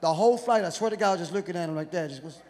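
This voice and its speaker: A man's voice: high voice, very fast, mellow. A man from Houston, Texas, performing a profane, punchy stand-up comedy set on stage. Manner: profane, rowdy, punchy delivery. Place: comedy stage before a live audience. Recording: live venue with long reverb and crowd noise. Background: audience laughter and hall ambience.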